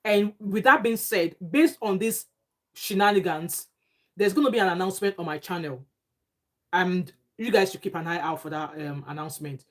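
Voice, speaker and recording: A woman's voice: on the low side, normal speed. A Nigerian woman vlogger giving emphatic, indignant casual commentary with pidgin phrases. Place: home abroad.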